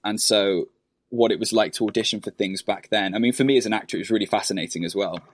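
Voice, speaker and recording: A British-accented man with a lowish voice, guesting on a podcast and talking with earnest enthusiasm. His delivery is casual and full of "sort of", and the sound is dry and close. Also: fairly even intonation, fast talker, no echo. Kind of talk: casual chat.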